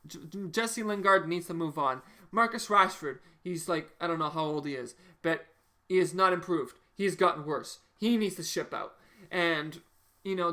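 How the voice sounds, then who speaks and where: A man's voice: on the high side, bright, forceful tone. A man hosting a football fan video, delivering an exasperated post-match reaction rant with heavy swearing and repeated phrases. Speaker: football fan channel host.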